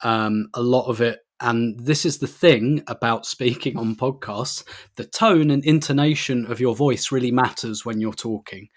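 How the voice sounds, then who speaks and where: A man's voice: mid-range voice, moderate pace. A man co-hosting a casual podcast, talking at length with frequent laughs and restarts. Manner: rambling, laughs often, many restarts. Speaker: podcast co-host.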